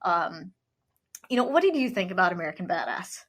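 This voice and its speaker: A woman's voice: on the low side, sing-song, fairly quick, fairly bright tone. A woman co-hosting a podcast, chatting casually and enthusiastically, often dropping "like" mid-sentence. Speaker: podcast co-host. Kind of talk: casual chat.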